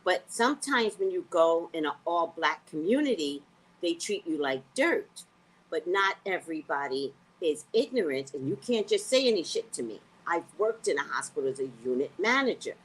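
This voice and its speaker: Woman vlogger, husky voice, lively profane storytelling rant. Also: fairly low pitch, normal speed. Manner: animated, profane, acts out quotes.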